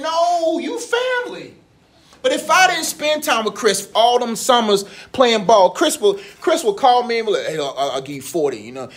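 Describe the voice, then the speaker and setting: High-voiced animated man preaching casually. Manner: animated, conversational, laughs often. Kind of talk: casual sermon talk.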